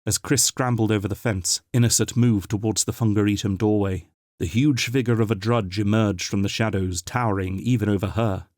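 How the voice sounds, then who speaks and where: A man narrates an audiobook in a measured, dramatic storytelling style. His voice is fairly low and a little mellow, recorded dry with studio quality.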